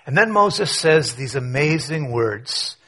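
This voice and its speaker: A man preaching a conversational sermon, telling a story with rhetorical questions and quiet asides. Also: on the high side, expressive, takes it slowly, slightly rough. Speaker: pastor.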